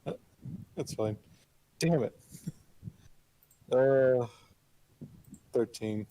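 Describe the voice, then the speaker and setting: A man's voice: mid-range voice, drawn-out words, mellow. A man playing a tabletop game, chatting casually and hesitantly. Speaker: player.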